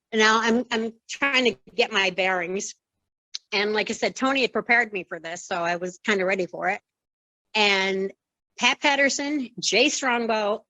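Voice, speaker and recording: Older woman telling a lively story. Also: mid-range voice, dry recording, low-quality recording. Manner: lively storyteller who acts out quoted dialogue. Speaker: former wrestling referee, interview guest. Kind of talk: conversational storytelling.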